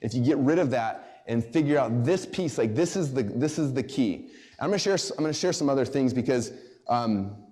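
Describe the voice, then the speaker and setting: Brief: rapid-fire male seminar speaker, mid-pitched, excitable and chatty, talking directly to a small audience. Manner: excited, casual, heavy use of "like". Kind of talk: live seminar talk to a small group. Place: live event room.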